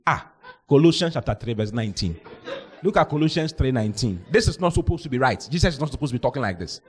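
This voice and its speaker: A man, a pastor preaching a sermon, telling stories with lively mimicry of voices and frequent laughter. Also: medium pitch, fast talker, slightly rough. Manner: animated storytelling, mimics voices, laughs often.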